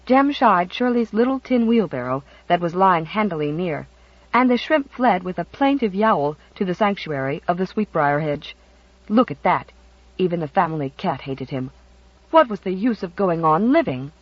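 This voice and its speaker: Expressive audiobook narrator, dry and muffled. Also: medium pitch, normal speed, no echo. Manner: expressive storytelling. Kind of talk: scripted narration.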